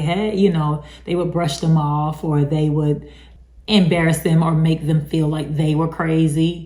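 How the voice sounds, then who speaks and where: A woman's voice: deep voice, darkish tone. A woman hosting a casual advice talk, speaking emphatically and chattily with many asides. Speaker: host talking about narcissistic abuse. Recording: roomy echo.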